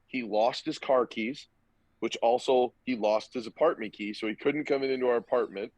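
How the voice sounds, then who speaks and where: A man's voice: medium pitch, no room sound. A young man telling a loose, profane story as a podcast guest, acting out the other people's lines as he goes. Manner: loose, profane, acts out quoted dialogue. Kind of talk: casual storytelling. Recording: dull, lo-fi dry recording.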